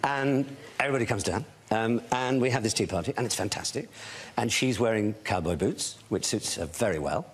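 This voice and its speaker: A man's voice: fairly low pitch, fairly quick. A man, a talk show guest and author, tells a story eloquently and theatrically, acting out the voices of the people in it. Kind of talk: anecdotal storytelling.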